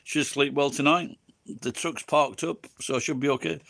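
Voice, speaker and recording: A man's voice: fairly high pitch, fairly even intonation, normal speed, creaky, fairly bright tone. An English man with an English accent, tipsy and rambling, swearing constantly as he chats with viewers on a livestream. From England. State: tipsy from drinking. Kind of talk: rambling casual chat.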